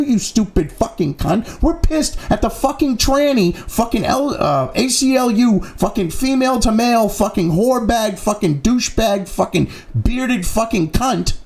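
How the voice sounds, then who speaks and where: A man's voice: sits high, very animated, moderate pace, creaky. A man hosting a profane, angry political commentary rant, swearing constantly and mocking opponents.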